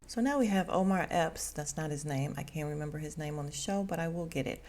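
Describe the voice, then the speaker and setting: A woman's voice: deep voice, moderate pace, hardly any pauses. A woman podcast host casually recapping a TV episode, acting out the characters' lines as she goes. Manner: animated retelling, voicing characters' lines.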